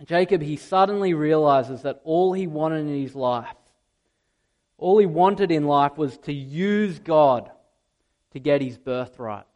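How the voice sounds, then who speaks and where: A man preaching a sermon to a congregation, swinging from loud emphatic peaks to quiet, intimate asides. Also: a little high. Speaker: pastor. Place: church hall with a live congregation.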